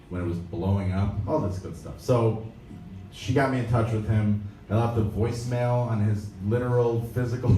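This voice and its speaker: A man's voice: fairly low pitch, darkish tone, a little hiss or hum. Casual self-deprecating man reading to a room. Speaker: editor reading his own essay. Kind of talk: live reading at a pop-up event. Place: bar or café, indoors. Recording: roomy live recording from a distance, faint ambience.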